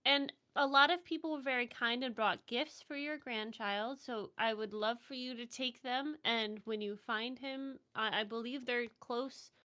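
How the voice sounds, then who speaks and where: A woman playing a tabletop game in character, speaking gently. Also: on the high side, fairly even intonation, unhurried, few pauses. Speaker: player. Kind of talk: casual tabletop role-play.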